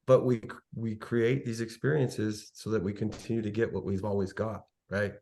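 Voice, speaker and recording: Male interview guest, lowish voice, relaxed and earnest, motivational. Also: normal speed, few pauses. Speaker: podcast guest, author. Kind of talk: casual interview talk.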